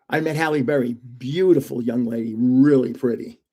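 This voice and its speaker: A man's voice: medium pitch, moderate pace, dark tone. An older man hosting a live stream, telling rambling stories in a chatty way and laughing often. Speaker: host of a live card-opening stream.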